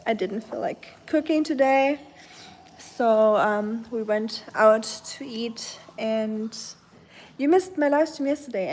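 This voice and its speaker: A woman with a German accent, a native German speaker, chatting casually on a livestream at home, answering her chat in a rambling way with many pauses and talking to her dog now and then. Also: on the high side, darkish tone. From Germany, near the French border. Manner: chatty and rambling, often pausing on "um", breaking off to soothe her dog.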